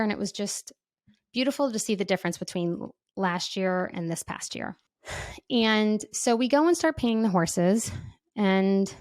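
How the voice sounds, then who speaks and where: A woman's voice: medium pitch, a little mellow, no echo. Woman host, candid storyteller, chatty delivery, dry close podcast mic. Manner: candid, chatty, lots of filler words. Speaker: podcast host and parenting coach. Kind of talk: personal storytelling monologue.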